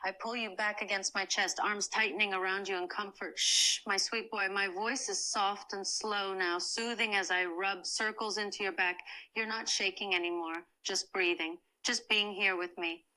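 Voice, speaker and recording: A woman voicing a cold, proud woman who softly comforts a crying friend in a first-person comfort role-play. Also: medium pitch, fairly even intonation, natural voice, poor audio. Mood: tender. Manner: soft, slow, soothing.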